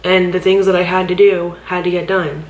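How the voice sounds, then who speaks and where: A woman with a slightly low voice vents in a rambling, frustrated way, swearing freely and leaning on "like" as she talks. She sounds tearful and worn out. The room is roomy and echoey, with a faint hum of background noise behind her. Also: flat delivery, normal speed. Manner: rambling, frustrated, heavy swearing, many "like" fillers. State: tearful, overwhelmed. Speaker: vlogger. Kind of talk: candid personal vlog venting.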